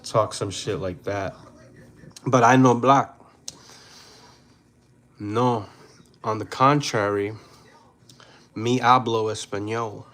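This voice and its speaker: Slow, blunt man in his forties. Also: fairly low pitch, steady tone, a bit bright. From New York City. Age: 40s. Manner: blunt, unhurried, slips into Spanish phrases. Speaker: livestream host. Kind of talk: casual livestream commentary reading chat.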